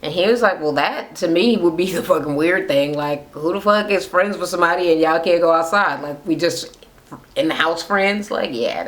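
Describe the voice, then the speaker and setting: Profane, animated woman ranting a recap. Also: fairly low pitch. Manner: profane, animated, acts out quotes in voices. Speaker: reality TV recap host. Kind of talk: casual recap rant. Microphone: camera mic, talking to camera.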